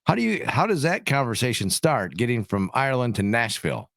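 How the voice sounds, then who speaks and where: A man's voice: medium pitch, sing-song, brisk, creaky, a bit bright, dry recording, studio quality. A man hosting a radio show, asking a guest questions in a friendly, easygoing way. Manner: friendly, laughs easily. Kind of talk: casual radio interview.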